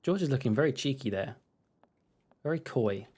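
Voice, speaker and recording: A man's voice: mid-range voice, expressive, normal speed, dark tone, slightly rough. Chatty man streaming a game. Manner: rambling, chatty asides. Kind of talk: casual let's-play commentary.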